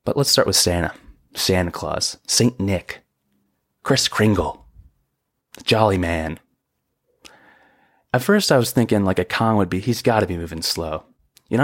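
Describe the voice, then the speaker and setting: Young male podcast host, husky and dry, lively comic rant that keeps leaping into squeaky outrage. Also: no room sound. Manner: exasperated ranting with sudden high-pitched outbursts. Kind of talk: comedic solo podcast rant. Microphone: podcast microphone.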